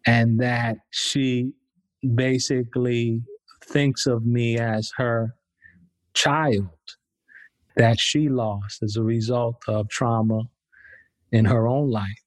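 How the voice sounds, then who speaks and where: Slow, reflective male professor guest. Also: mid-range voice, steady tone, no echo. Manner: reflective, thoughtful, unhurried. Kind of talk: interview answers.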